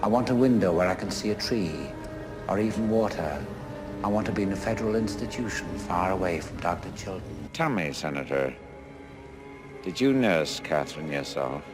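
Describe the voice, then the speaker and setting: An actor playing a cultured, menacing male psychiatrist and serial killer who talks slowly and softly, taunting and probing with icy calm, from a film. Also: sits low, over music. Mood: calmly demanding, then cruel. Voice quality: slow soft measured delivery.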